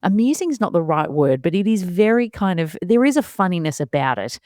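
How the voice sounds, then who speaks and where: A woman in her thirties with a low voice tells a story in a casual, animated monologue and laughs often as she acts out what she was thinking. The sound is dry and close, with no room around her. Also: a little fast, no room sound. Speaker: podcast host and mother.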